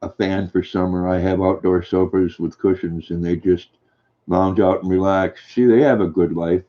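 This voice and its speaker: An older man hosting a livestream, reading viewer comments aloud and answering them in a gentle, folksy way. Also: low-pitched, fairly even intonation, normal speed. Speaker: livestream host reading chat. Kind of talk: casual chat. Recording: dull lo-fi stream audio.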